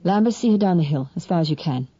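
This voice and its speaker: A woman reading an audiobook and voicing a sick young man in his twenties, who talks in weak, hushed, clipped bursts with firm authority. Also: high voice, lively intonation, fast, dry recording, highs cut off. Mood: weary, urgent. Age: 20s.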